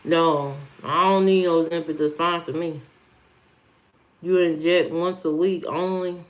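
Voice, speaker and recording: A woman's voice: fairly low pitch, fairly even intonation, a little slow. A woman from Indiana with an Indiana accent, hosting a live stream, talking bluntly and loosely straight back to viewers' comments. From Indiana, USA.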